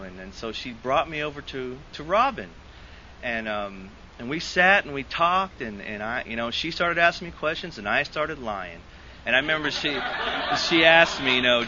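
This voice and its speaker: A man's voice: medium pitch, moderate pace, pushed and bright, muffled recording, slight background noise. A man speaking to a recovery group, telling a rambling personal story with lots of restarts and laughs. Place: meeting hall.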